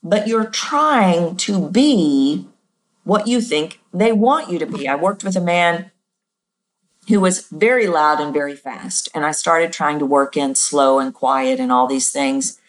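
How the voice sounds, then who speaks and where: A middle-aged woman talks through voice coaching as a podcast host, in a casual, explaining way. Her natural voice sits low, but her pitch swings widely as she acts out examples. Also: measured pace. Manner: animated, demonstrates voices by jumping pitch. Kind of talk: casual teaching monologue.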